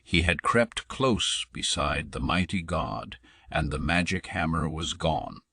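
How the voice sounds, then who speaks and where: A man narrating a storybook audiobook in a measured, dramatic reading. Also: rumbling low, creaky, sharp tone, husky, no room sound, studio quality.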